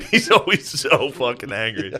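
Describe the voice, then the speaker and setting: A man's voice: medium pitch, very animated, measured pace, sharp tone, husky. A man in his thirties co-hosting a comedy podcast, telling profane family stories and laughing often. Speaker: podcast co-host. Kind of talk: casual comedic storytelling.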